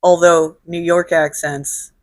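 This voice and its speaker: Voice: medium pitch, level tone, slow, no echo, studio quality. A host from Illinois, answering viewer questions in a casual solo vlog with blunt, profane, sardonic humor. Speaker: show host.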